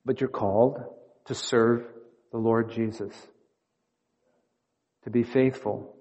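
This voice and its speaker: A man preaches to fellow pastors, telling stories and acting out inner dialogue, one moment hushed and the next loud. His voice is dark and mellow, mid-pitched, and it carries with a long echo through a large sanctuary. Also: fairly even intonation, slow, highs cut off. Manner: storytelling, acting out inner dialogue with shifting loudness. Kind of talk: sermon. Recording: long hall reverb.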